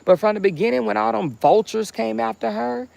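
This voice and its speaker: Blunt woman livestream host, a bit high-pitched with a gravelly edge, heated casual commentary. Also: a little fast, mellow. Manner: blunt, heated, chatty with asides.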